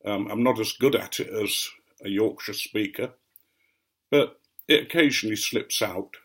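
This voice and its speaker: English gent type rambling on, bit husky, lowish voice, lots of ums. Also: male voice, fairly bright tone. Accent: mostly received English, light Norfolk. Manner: unhurried storytelling with frequent ums. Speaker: vlogger. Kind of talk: rambling anecdotal chat to camera.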